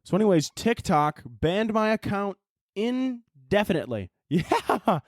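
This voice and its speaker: A man's voice: high-pitched, very animated, a little slow, no echo, studio quality. A young man hosting a podcast, rambling through a jokey, profane comic monologue. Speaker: podcast host. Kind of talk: casual comedic monologue.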